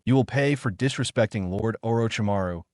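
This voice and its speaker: A man's voice: lowish voice, a little fast, a little mellow, dry recording, clean studio sound, natural voice. A man voicing an arrogant, treacherous male ninja instructor who sneers and gloats, read as a fan story. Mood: gloating.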